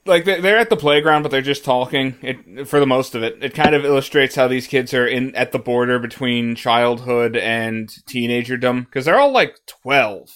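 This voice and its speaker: A man's voice: medium pitch, normal speed, few pauses, a bit bright. A man from Missouri co-hosting a podcast, chatting casually, joking and swearing with stammering restarts. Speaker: podcast co-host.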